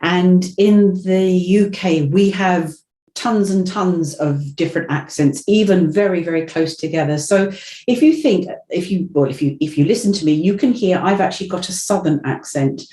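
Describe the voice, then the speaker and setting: A woman from Essex with her home accent talks in a casual interview. Her voice sits low and sounds mellow, and she often restarts her sentences as she chats. The room around her rings with echo. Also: moderate pace. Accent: Essex English. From Essex, England. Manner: chatty, with frequent restarts. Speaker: podcast guest, voiceover artist.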